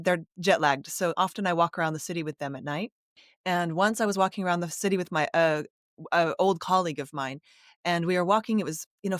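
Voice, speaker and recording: A woman from the United States hosting a conversational interview, an attentive listener who gets animated telling her own stories. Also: fairly low pitch, dry recording, studio quality. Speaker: podcast host.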